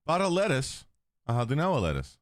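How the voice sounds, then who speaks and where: Chatty, lively-voiced man streamer. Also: medium pitch, fairly quick, no room sound, clean studio sound. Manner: chatty, swears casually, laughs often. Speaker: livestream host. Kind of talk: casual chat with stream chat.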